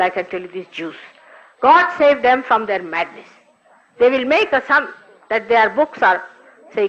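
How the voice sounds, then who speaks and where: Older woman, spiritual teacher, animated pitch, scolding rhetorical questions, dull lo-fi archive recording.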